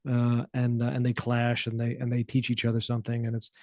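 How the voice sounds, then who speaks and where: A man speaking as a radio interview guest, his voice soothing and calm. His pitch is medium, and the studio sound is dry. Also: fairly quick, no echo. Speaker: actor and filmmaker, guest. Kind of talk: casual interview.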